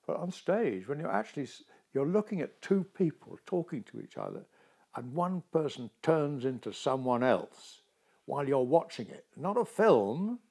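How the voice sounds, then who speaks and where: In a casual interview, an older actor tells animated, expressive stories in a slightly high, husky voice at a moderate pace.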